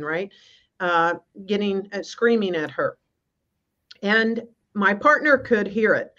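A woman guest minister telling a personal spiritual story on a video call, in an earnest, halting way with many restarts. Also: lowish voice, fairly bright tone. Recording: slightly muffled.

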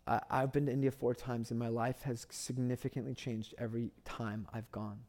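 A man preaches a sermon in a warm, dark-toned voice. He tells a story with passion and leans on repeated phrases to drive his points home. His pitch stays in an ordinary middle range. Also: level tone, moderate pace. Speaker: pastor.

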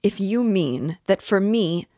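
A man's voice: high-pitched, lively intonation, slow pace, dark tone, no room sound, clean studio sound, voice pushed up. A woman reading aloud as a pompous man who stammers, squeals and answers impudently when accused. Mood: defensive, sneering. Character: pompous, cornered middle-aged man, sneering.

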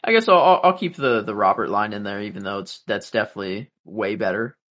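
A man's voice: fairly low pitch, lively intonation, quick pace, fairly bright tone. A young man co-hosting a podcast, chatting about a TV show with frequent hesitations and restarts. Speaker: podcast co-host. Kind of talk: casual chat about a TV show.

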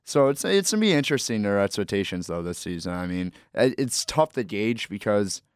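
A young man co-hosts a sports podcast in a low, smooth, resonant voice. His sound is dry and close to the mic. He offers easygoing opinions, often hedging as he talks. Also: fairly quick, no echo. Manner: relaxed, hedging analysis. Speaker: podcast co-host. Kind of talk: casual sports podcast chat.

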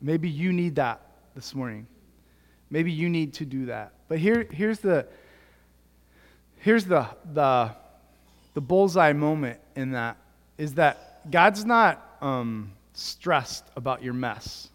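A man's voice: on the high side, expressive, slow. A young male pastor giving a casual, storytelling sermon full of "like" and restarts. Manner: casual storytelling with many fillers. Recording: long hall reverb.

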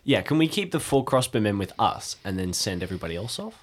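A man's voice: on the low side, very animated, fast talker. A man playing in a tabletop game, speaking in a pompous, hammy knightly manner. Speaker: player. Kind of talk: tabletop role-play.

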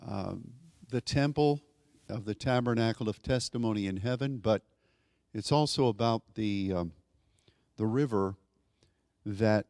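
A man pastor giving a sermon, talking in a slow, conversational way with many fillers and rising now and then into emphatic declarations. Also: fairly low pitch, darkish tone, no echo, clean studio sound.

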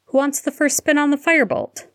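A woman's voice: sits high, animated, fairly quick, dry recording, studio quality, pitched above the performer's own voice. A woman reading aloud, voicing a defensive teenage boy who speaks emphatically and huffily. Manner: emphatic, demanding, huffy.

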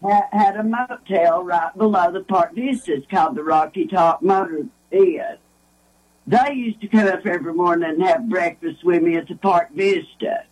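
A woman's voice: lowish voice, normal speed, a little mellow, low-quality recording. An older woman, a guest telling rambling, folksy stories in casual talk. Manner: rambling, folksy, lots of restarts. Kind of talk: casual storytelling.

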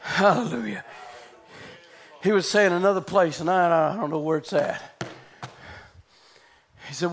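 A man preaching a revival sermon, fervent and shouting out hallelujahs as he prays over the congregation. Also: high-pitched, lively intonation, a little slow, pauses often. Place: church building with congregation.

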